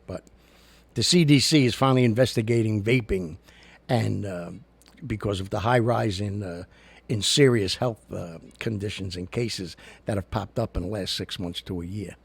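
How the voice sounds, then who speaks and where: A man's voice: on the low side, creaky, husky, no room sound. A man hosting a casual talk show, chatting in a loose, jokey way with an American accent and lots of fillers. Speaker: show host.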